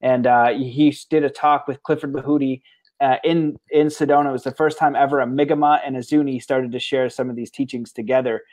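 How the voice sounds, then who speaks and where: A man's voice: medium pitch, a little fast. A man hosting a podcast, telling a rambling story in casual conversation with many restarts, now and then laughing. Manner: rambling, with frequent restarts and fillers; animated, with bursts of laughter. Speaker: podcast host.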